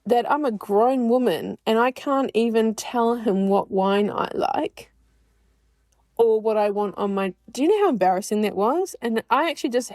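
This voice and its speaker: A podcast host in her forties delivers a candid personal monologue, speaking bluntly about her own life, swearing freely and laughing often. Her fairly high, darkish voice moves at a moderate pace with no echo.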